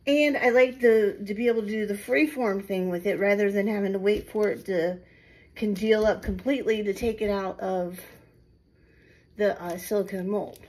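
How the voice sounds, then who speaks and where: A woman's voice: medium pitch, normal speed, poor audio. A woman, chatting to her viewers as she works on a resin craft project at her home table, talking casually and poking fun at herself. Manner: chatty, self-deprecating, talks to viewers while working. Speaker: resin craft video maker. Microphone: phone camera.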